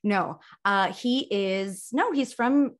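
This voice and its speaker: A woman's voice: mid-range voice, slow pace, a crowd in the background. A young woman chatting candidly on a podcast, rambling, swearing and laughing often. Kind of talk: casual podcast chat.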